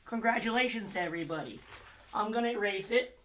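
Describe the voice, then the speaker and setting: A man's voice: high voice, quick pace, bright, forceful tone, slight background noise. A man giving a recorded lesson to children, patient and encouraging, quizzing them with letter hints. His voice sounds a little far from the microphone. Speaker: teacher.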